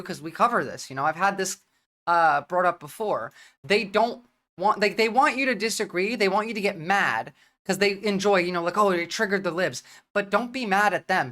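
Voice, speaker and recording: A woman with a New Jersey accent streaming and talking bluntly, swearing often and speaking in quick bursts. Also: mid-range voice, fairly bright tone. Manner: blunt, profane, rapid-fire. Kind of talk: livestream commentary.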